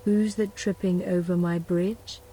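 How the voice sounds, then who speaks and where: A woman softly doing a hungry storybook troll under a bridge, his menace kept to a hush in whispered role-play. The voice stays warm and unhurried, drawn out and slow, with a faint hiss of room noise beneath it. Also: on the low side, fairly even intonation, natural voice. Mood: greedy menace. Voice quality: whispered, soft. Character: greedy hulking male troll under a bridge.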